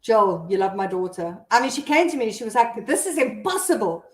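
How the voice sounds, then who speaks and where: A woman's voice: mid-range voice, expressive, fairly quick, echoey room. A South African woman hosting a casual live stream, chatting and laughing as she reads out viewer comments.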